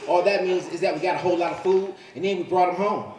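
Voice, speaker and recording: A man's voice: high-pitched, fast. A man in his forties performing a live stand-up comedy set, profane and punchy. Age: 40s. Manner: profane, loud punchy delivery with frequent "you know what I'm saying". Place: comedy club stage with audience laughing. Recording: roomy live club sound from a distance.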